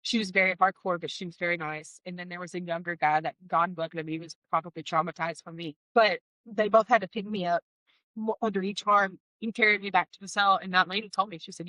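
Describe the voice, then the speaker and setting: Bright-voiced woman, candid testimony. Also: fairly low pitch, steady tone, brisk, no room sound, poor audio. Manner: candid and heartfelt, with wry asides. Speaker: guest sharing a personal testimony. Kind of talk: emotional personal storytelling.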